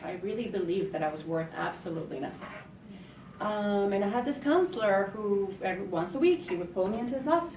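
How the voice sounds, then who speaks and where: A woman from New York City sits on a college panel and tells her story candidly and earnestly. She is heard from a distance in an echoey room. Clear background noise runs underneath. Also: mid-range voice, animated, fast, darkish tone. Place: college hall.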